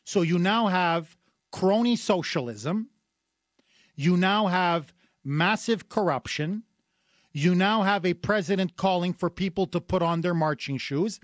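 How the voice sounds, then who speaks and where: A man's voice: sits high, measured pace, no echo. A man hosting a talk radio show, delivering a combative, sarcastic rant between callers. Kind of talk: opinionated talk radio monologue.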